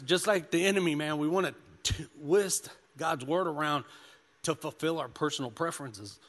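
A man's voice: on the high side, fairly bright tone. A man preaching a sermon, mixing scripture reading with personal testimony, in an easygoing style full of "you know" and "man.". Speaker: pastor. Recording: long hall reverb.

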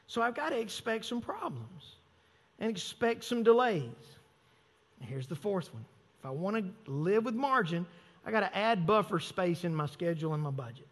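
A man's voice: sits high, expressive, a little fast. A male pastor preaching a sermon in a conversational, self-mocking way, acting out little everyday scenes. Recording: long hall reverb.

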